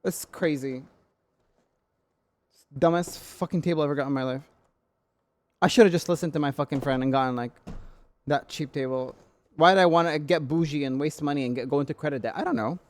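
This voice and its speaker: A young male streamer with a slightly higher voice rants in casual live-stream chat. He talks in an irritated, sweary way and keeps repeating the same questions. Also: a little fast, pauses often.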